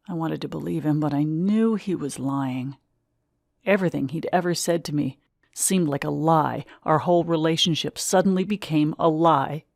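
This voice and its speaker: Audiobook narrator, female, low voice, measured and expressive, dry close mic. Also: creaky, dry recording. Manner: measured, expressive first-person reading.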